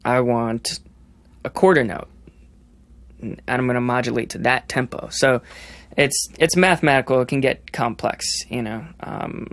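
A man's voice: medium pitch, steady tone, normal speed, a bit bright, no room sound. A young man, a drummer on a podcast, explaining rhythm ideas, singing the beats aloud and restarting his sentences often. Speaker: drummer guest.

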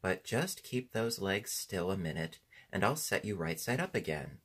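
A man's voice: low-pitched, big pitch swings, slightly rough, full character voice. A man doing a bossy young boy. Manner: brisk, commanding, impatient shouts. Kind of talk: audiobook reading.

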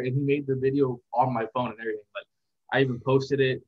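A young man giving a casual interview as a content creator, talking in a relaxed, rambling, reflective way. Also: medium pitch, fast talker. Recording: dull lo-fi sound.

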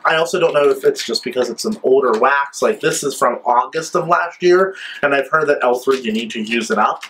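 A man's voice: mid-range voice, a little fast, a bit bright, slight background noise, poor audio. A man chatting enthusiastically as he reviews scented wax melts in a casual vlog, gushing over each scent. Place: his new apartment.

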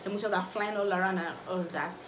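Nigerian girl spilling reality show gist super fast, echoey room, a bit of background hum. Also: lowish voice. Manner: animated gossipy storytelling, acting out others' lines. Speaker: vlogger. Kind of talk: casual reality-show recap. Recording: roomy echo with faint ambience.

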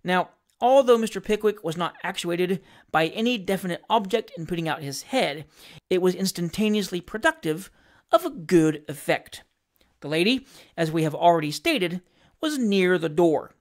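Lower-voiced woman reading a classic novel. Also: lively intonation, normal speed. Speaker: audiobook narrator.

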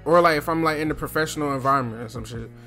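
A man's voice: a little high, racing, pushed and bright, soft background music. A young man from New Jersey giving casual advice in a loose, slangy, chatty way, speaking from his throat.

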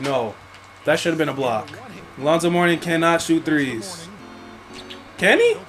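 A young man commentating his own basketball video game play, swinging between frustrated grumbling and excited outbursts. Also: on the high side. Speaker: gaming YouTuber. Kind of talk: live gameplay commentary.

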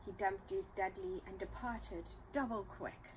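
A woman reading a children's storybook aloud in an unhurried, expressive manner. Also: mid-range voice, slight background noise, rough recording. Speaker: storybook reader.

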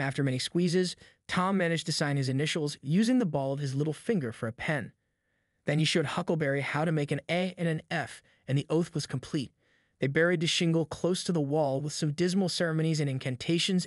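A man reads a classic novel aloud in a fairly high voice. The recording is dry and close, with no room sound behind him. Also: no room sound. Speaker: audiobook narrator. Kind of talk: scripted narration of a novel.

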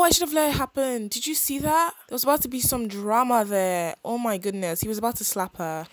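A young woman casually narrating a life-sim game, chatty and expressive with quick reactions. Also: mid-range voice, dry recording. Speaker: gaming channel host.

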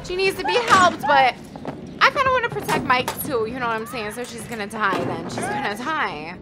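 Young woman, let's play commentary, high voice, very lively, crude jokes, game music playing. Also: normal speed. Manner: crude, excitable, jokey, yelps when scared. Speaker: gaming YouTuber.

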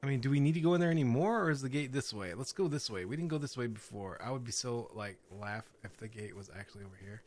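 A man's voice: mid-range voice, expressive, quick pace, few pauses, a little mellow. A man playing a horror game, nervously commenting, laughing and swearing as he goes. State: scared, on edge. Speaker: gaming channel host.

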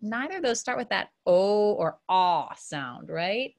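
A woman teaching kindergarten online, cheerfully sounding out letters slowly and talking to young children in a sing-song way. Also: mid-range voice, lively intonation, creaky.

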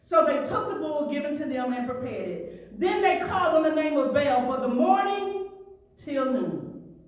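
High-voiced woman preaching in echoey hall. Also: normal speed, recorded from a distance. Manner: animated preaching with repeated words and laughter. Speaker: pastor. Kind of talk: sermon.

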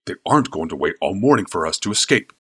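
A man reading an audiobook, voicing a stern, protective older male mage in firm, low-voiced urging with a husky tone. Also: very animated, fast, a bit bright, heavily acted. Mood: urgent, firm. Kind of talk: audiobook character voice.

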